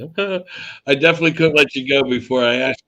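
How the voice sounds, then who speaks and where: A man's voice: medium pitch, quick pace, bright, forceful tone, lo-fi sound. A man hosting an interview, amused and chuckling as he wraps up a story. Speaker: interview host. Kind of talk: casual interview chat.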